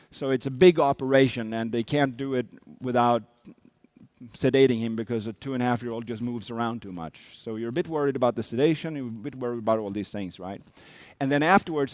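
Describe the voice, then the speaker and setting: Animated man telling a story on stage. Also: mid-range voice, dry recording. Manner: animated storyteller, acts out sounds and quotes. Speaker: speaker, coach. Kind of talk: storytelling talk to an audience.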